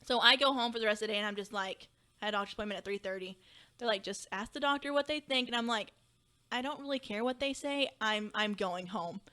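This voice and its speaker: A young woman from Kentucky, a teacher and podcast guest, telling a personal story in animated conversation and acting out past dialogue. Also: fairly high pitch, fast.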